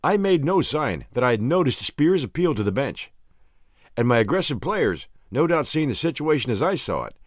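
A man hosting and narrating a classic short story audiobook with clear, expressive reading. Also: mid-range voice, moderate pace, no room sound, clean studio sound.

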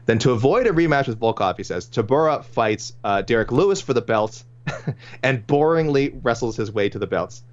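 A man's voice: mid-range voice, expressive, moderate pace. A man co-hosting a casual sports podcast, reading listener picks aloud with frequent chuckles and restarts. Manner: chatty, chuckling, many restarts. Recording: dull lo-fi audio.

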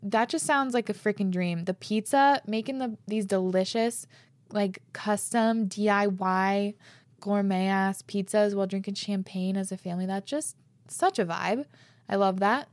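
A woman's voice: mid-range voice, measured pace, no echo. A woman hosting a podcast, chatting casually and gushing with lots of "like" and "oh my gosh". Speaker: podcast host. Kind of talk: casual podcast chat, reading listener letters.

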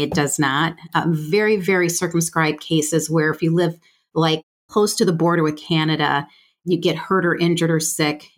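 A middle-aged woman from the United States, speaking as a healthcare finance guest in a frank, plain-spoken way with quick asides. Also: low-pitched. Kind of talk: conversational explaining.

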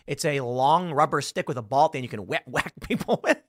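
A young man hosting a podcast, talking casually in an animated, ranting way and jumping up in pitch for emphasis. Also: brisk, no room sound, studio quality. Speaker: podcast host. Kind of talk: casual political talk.

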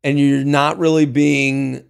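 A man in his thirties co-hosting a podcast, chatting in an animated, jokey way with lots of restarts. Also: mid-range voice, slow pace, gravelly, clean tone. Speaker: podcast co-host. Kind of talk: casual chat.

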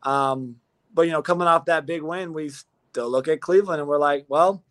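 A man's voice: a little high, normal speed, fairly bright tone. A man being interviewed as a football player guest, talking modestly with many restarts. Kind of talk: casual interview chat.

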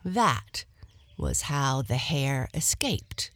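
Casting note: woman reading a bedtime fable, very slow, soft and lively in pitch. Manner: gentle, very slow, at times whispered. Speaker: storyteller. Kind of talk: bedtime story narration.

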